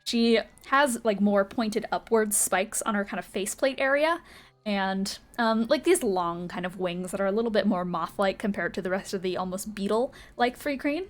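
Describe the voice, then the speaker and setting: A woman's voice: medium pitch, animated, normal speed. Casual woman game master, rambling. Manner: casual, rambling with many fillers. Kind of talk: narrating a tabletop game.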